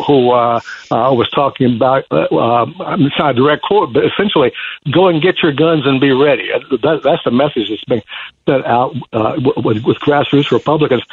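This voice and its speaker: An older man, a newspaper columnist, speaking as a guest in a radio interview, halting with many fillers and restarts. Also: mid-range voice, slightly rough. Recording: dull lo-fi radio sound with faint noise.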